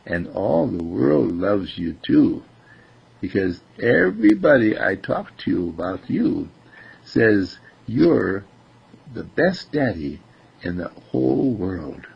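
A tiny five-year-old girl leans close and breathes her words in whispered role-play, as a gravelly-voiced man puts her on. Her hush is airy and husky, and she lingers over every word. The recording is muffled and lo-fi. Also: lowish voice, sing-song, slow pace, full character voice. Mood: tender whisper. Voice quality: soft hushed whisper. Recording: dull lo-fi recording.

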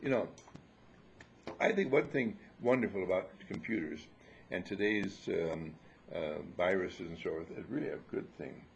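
An older man talks to a small group like a teacher, joking and teasing them as he makes his points. His pitch swings up and down a lot as he talks. There is a faint hiss of room noise behind him. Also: normal speed, creaky. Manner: lively, joking, playful lecturing. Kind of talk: informal spiritual group talk.

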